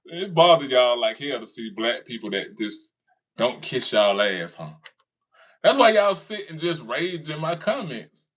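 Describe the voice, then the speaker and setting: A man's voice: medium pitch, big pitch swings, unhurried, a bit bright. A man, taunting and laughing as he reads viewer comments in casual commentary. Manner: mocking, laughs often, taunting the audience. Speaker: commentary streamer reading comments.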